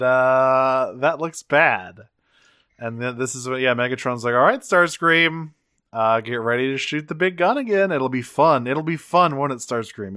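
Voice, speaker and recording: A man chatting on a podcast in a loose, profane, joking way, with quick put-on quotes from the episode. His voice sits mid-pitch and sounds dry and close, with no room around it. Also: pushed and bright, clean tone, no room sound. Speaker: podcast co-host. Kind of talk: casual recap chat.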